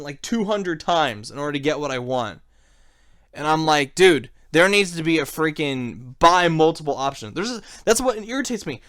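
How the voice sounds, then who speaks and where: Excitable swearing man, dry sound. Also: high-pitched, no room sound. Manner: excited, swears a lot, rambling. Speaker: podcast host. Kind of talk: casual chat.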